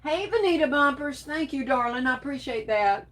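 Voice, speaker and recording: Woman, crafting livestream host; warm pet names for viewers, sneezing between comments. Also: sits high, expressive, moderate pace. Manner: affectionate, calls viewers baby and darling. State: sneezing and coughing. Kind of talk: casual livestream chat reading comments.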